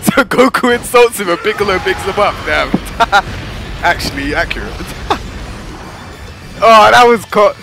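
A young man hosts a casual reaction commentary, talking in slangy bursts and leaping into excited shouts. His voice sits high and swings widely in pitch. Faint music plays underneath. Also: a little slow, creaky. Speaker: YouTube reaction host.

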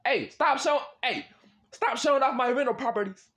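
A young man casually chatting with strangers on a video chat app, swearing and loudly reacting. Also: very high-pitched, moderate pace. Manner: slangy, swears often, loud exclaiming reactions and laughs.

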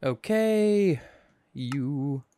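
Tired gamer guy rambling jokes to himself while he plays, kinda higher voice, no room echo at all. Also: lively intonation, very slow, warm tone. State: sleepy, yawning. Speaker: gaming channel host. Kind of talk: casual let's-play commentary.

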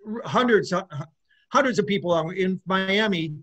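A middle-aged man appearing as a guest musician chats casually in an interview, his high-pitched, slightly bright voice at normal speed, with the highs cut off in the recording. He rambles loosely, restarting often and laughing.

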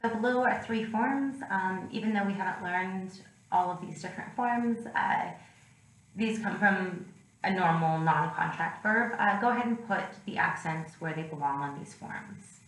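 A woman's voice: medium pitch, normal speed. A woman teacher giving a recorded grammar lesson, explaining patiently step by step. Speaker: Greek teacher. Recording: echoey room with faint noise.

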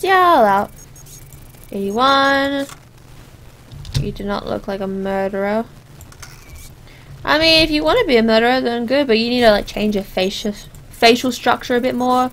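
A woman's voice: on the high side, slight background noise. A young woman giving rambling, jokey let's play commentary as she plays a game. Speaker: gamer.

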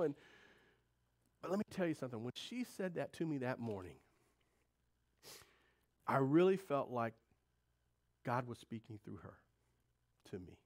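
A pastor preaching in a relaxed, conversational way, his mid-range male voice rising into loud, animated bursts and dropping to near-quiet confessions. He talks straight to his congregation from the stage. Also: mid-range voice, unhurried, long pauses. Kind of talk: sermon.

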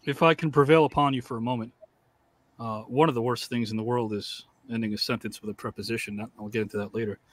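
A man hosting a live online show, speaking in a formal, measured, reflective way over a video call. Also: medium pitch, fairly even intonation. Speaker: host.

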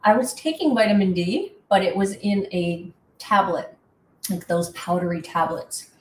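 A woman's voice: mid-range voice, moderate pace, a little mellow, far from the mic, slight background noise. Chatty woman in an echoey room. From Canada. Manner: chatty, rambling, self-deprecating. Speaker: host. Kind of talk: casual chat.

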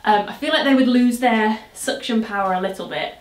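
A woman's voice: a little high, brisk, slight background noise. Young woman, casual vlog, self-mocking, exclaiming, a bit breathless, roomy echo. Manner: chatty, self-mocking, exclaims and groans while struggling into clothes. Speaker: vlogger.

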